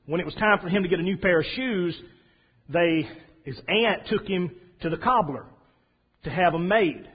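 Husky middle-aged preacher. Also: male voice, high-pitched, expressive. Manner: halting, with many fillers and restarts, soft and tender. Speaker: pastor. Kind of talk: sermon. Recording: dull lo-fi recording.

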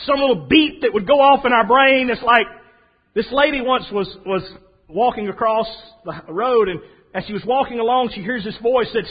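A man preaching a sermon in a folksy, storytelling way, swinging from soft asides to loud emphasis. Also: extremely high pitch. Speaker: pastor. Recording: dull lo-fi sound.

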